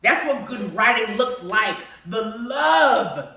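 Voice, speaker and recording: A woman hosting a live-streamed TV review chat, gushing and animated and calling her listeners honey and y'all. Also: on the high side, slow pace, gravelly. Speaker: host. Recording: very echoey room, far from the mic.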